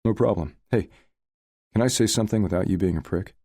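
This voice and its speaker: A man's voice: sits low, a little fast, warm tone, slightly rough, dry recording, studio quality. A male narrator voicing a laid-back best friend who speaks bluntly and teasingly in an audiobook. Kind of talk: audiobook character voice.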